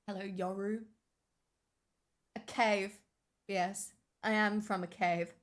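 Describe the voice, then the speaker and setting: A woman's voice: mid-range voice, steady tone, slow, clear, resonant tone. A young woman streaming, chatting casually with her viewers in a sarcastic, bantering way. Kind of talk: casual livestream chat.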